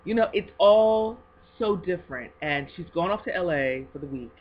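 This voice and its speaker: Woman, home faith vlogger, animated delivery ranging hushed to excited, muffled home-video sound. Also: fairly low pitch, normal speed. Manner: expressive, swinging from hushed to excited; talks of God and blessings. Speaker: video blogger. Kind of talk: faith video blog, casual talk.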